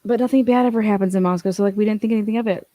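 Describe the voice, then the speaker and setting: A woman's voice: mid-range voice, fairly even intonation, rapid-fire, warm tone, dry recording. A woman giving casual true-crime commentary, blunt and incredulous, swearing freely.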